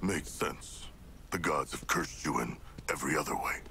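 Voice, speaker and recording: An actor playing a huge, solemn shark-man warrior who speaks in slow, ceremonious words, in a video game. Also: rumbling low, creaky, slight background noise, full character voice. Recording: loud game music behind.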